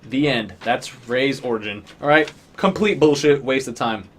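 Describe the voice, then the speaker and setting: A man's voice: mid-range voice, normal speed, slight background noise. A man giving an exasperated, profane, sarcastic rant as a movie reviewer. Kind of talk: ranting film review.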